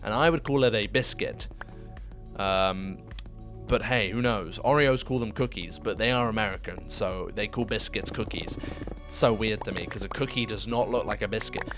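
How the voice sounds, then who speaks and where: A young British man chatting casually with viewers during a live game stream, laughing often and jumping to high-pitched disbelief. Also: normal speed, music in the background. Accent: British English. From United Kingdom. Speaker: livestreamer.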